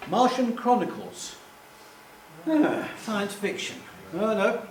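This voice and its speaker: A man's voice: high voice, lively intonation, normal speed, noisy background. A middle-aged man telling anecdotes to a live audience in a chatty, self-deprecating way, stumbling over names and laughing at himself. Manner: chatty, self-deprecating, acts out quoted voices. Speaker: public speaker. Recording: echoey room, distant mic.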